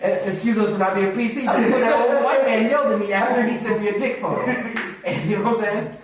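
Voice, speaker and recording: A man in his late twenties telling a story in a casual podcast chat, animated and laughing as he goes. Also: high voice, fast talker, a crowd in the background. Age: late 20s. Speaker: podcast co-host. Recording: very echoey room, mic at a distance.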